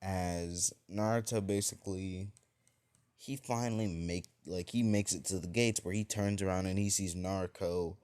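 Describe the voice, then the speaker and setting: A man with a very low voice tells an improvised fan-fiction story in a loose, rambling way. He keeps circling back with fillers and restarts, like someone making it up as he goes. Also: fairly even intonation, normal speed, a little mellow.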